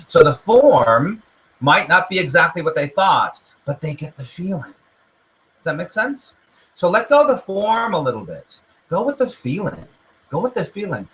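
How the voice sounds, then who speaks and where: Male self-help host, slightly high voice, lively, motivational talk, plays out his own inner doubts. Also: low-quality recording. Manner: animated, acts out the inner voice in quotes.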